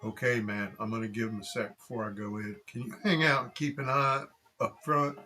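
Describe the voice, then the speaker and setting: A man voicing an easygoing, polite shopkeeper with a relaxed folksy drawl, in an audiobook reading. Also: medium pitch, fairly quick, close to an everyday voice. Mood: friendly.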